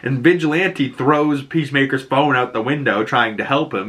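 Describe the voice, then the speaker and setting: A man with a Boston accent giving a casual, animated recap of a TV episode, swearing freely. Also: mid-range voice, a little fast, few pauses. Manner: animated retelling with profanity and acted-out quotes. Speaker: show recap host.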